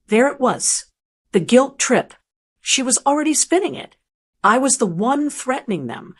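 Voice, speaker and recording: Calm, steady older woman narrating a first-person story in an even, measured way; a scripted storytelling read. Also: sits high, breathy edge.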